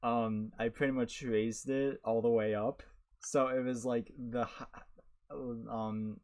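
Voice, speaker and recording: A man's voice: medium pitch, steady tone, slow pace, a little mellow. A young man co-hosting a podcast, telling work stories in a rambling casual way with lots of fillers and laughter. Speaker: podcast co-host. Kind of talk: casual chat.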